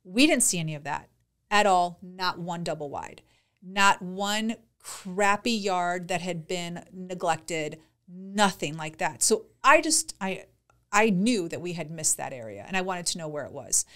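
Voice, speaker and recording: A woman co-hosts a podcast in a lowish, expressive, fairly bright voice at a measured pace. She chats casually and tells stories, retelling conversations through quoted dialogue and plenty of "like."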